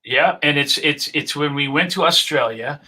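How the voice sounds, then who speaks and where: Laid-back man with a bright voice. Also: a little high, normal speed. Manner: laid-back, calls people dude and man. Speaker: guest musician. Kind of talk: casual live-stream chat.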